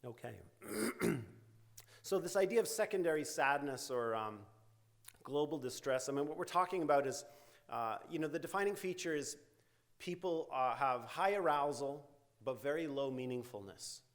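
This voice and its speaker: A man's voice: a little high, moderate pace. A middle-aged man giving an academic lecture in a university hall, talking loosely with fillers and "right?" tag questions. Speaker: invited lecturer, psychology researcher. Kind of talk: academic lecture with quoted therapy examples.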